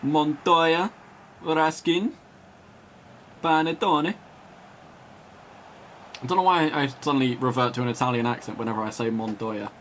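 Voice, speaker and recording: A man doing live play-by-play commentary, calling player names in quick bursts, chatting and laughing with viewers, and rising to shouts when a goal goes in. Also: mid-range voice, a little hiss or hum. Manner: chats and laughs with viewers between calls. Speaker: match commentator.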